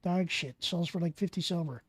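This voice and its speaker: A streamer giving excitable, profane live commentary while playing a game and bantering with viewers. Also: medium pitch, moderate pace, breathy edge, dry recording. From Canada.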